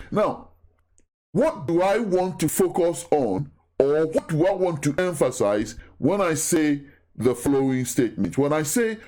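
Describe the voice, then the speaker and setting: Slow, lively-voiced man teaching the Bible. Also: on the high side. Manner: deliberate, repeats key phrases, asks the listener questions.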